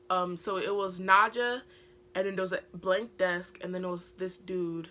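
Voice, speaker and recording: A woman's voice: on the low side, steady tone, normal speed, pushed and bright, slight background noise. A teenage girl with a British accent, telling a casual storytime vlog in a rambling way full of filler words. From Britain. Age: teens. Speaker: vlogger.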